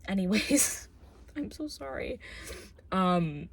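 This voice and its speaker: A woman's voice: mid-range voice, sing-song, takes it slowly, creaky, slightly rough. A young woman vlogging, chatting casually about a film and book, rambling with lots of fillers and jokey asides.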